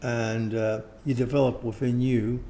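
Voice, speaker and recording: Older man, gravelly, dark tone, rambling interview talk, faint background hiss. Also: mid-range voice, little pitch movement, measured pace. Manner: rambling, frequent restarts and throat clearing. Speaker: interviewed teacher. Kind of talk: casual conversation.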